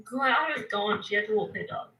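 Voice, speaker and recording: A woman's voice: mid-range voice, a little fast, sharp tone. A woman co-hosting a casual live chat, blunt and exasperated, often correcting the others. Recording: roomy, distant from the mic.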